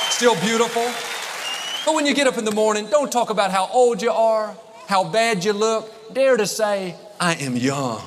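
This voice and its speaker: Middle-aged male pastor, higher voice, emphatic sermon delivery, long hall reverb with faint hiss. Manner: upbeat, emphatic, drawls affirmations slowly.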